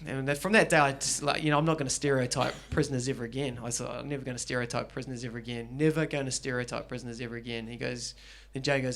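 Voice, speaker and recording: A middle-aged man with a New Zealand accent doing stand-up comedy, telling stories with animated delivery and acting out characters. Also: mid-range voice, very fast, hardly any pauses, slight background noise. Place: garage venue with live audience.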